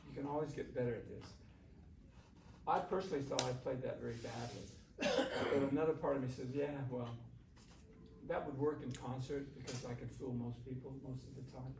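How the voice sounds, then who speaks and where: A man's voice: medium pitch, fairly even intonation, fairly quick, creaky. A man talks a group of students through a breathing exercise, easygoing and encouraging. His voice comes from some distance off in a roomy classroom, with a faint hum of room noise behind him. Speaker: shakuhachi teacher. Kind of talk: workshop instruction.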